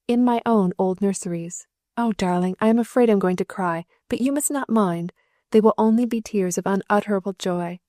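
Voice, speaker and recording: A woman's voice: mid-range voice, warm tone, no echo, clean studio sound, close to an everyday voice. A woman reading the lines of a loving young wife and new mother in a storybook, tender and affectionate. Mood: joyful.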